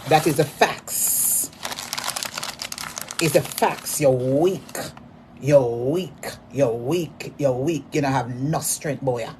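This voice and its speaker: A Jamaican woman drawls out a taunting rant at a rival, repeating her jabs and punching some of them out in sudden loud bursts. She speaks slowly and deliberately, with faint ambient noise behind her. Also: a bass voice. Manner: mocking, repetitive, insults in sudden loud bursts. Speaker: social media personality.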